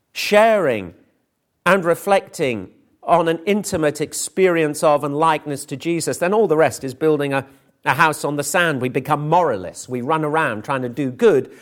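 A middle-aged or older man preaching a sermon, emphatic and full of rhetorical questions. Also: fairly high pitch.

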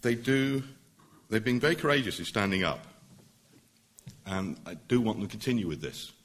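Earnest deep-voiced barrister giving a speech. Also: male voice, animated, moderate pace. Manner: earnest, emphatic, building to forceful points. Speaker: barrister addressing a public meeting. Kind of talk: public speech.

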